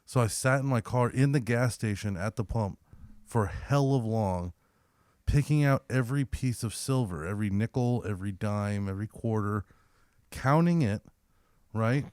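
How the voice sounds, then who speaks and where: A young man co-hosting a podcast, telling a story in a casual, profane, animated way and acting out the other people's lines. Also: on the low side, normal speed, clean tone, no room sound, studio quality. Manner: profane, animated storyteller who acts out quotes. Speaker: podcast co-host.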